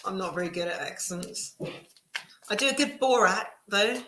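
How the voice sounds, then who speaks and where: A woman giving a casual live tarot reading, reassuring and chatty with many pauses and restarts. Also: mid-range voice, a bit bright, a little hiss or hum. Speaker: tarot reader. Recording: echoey room.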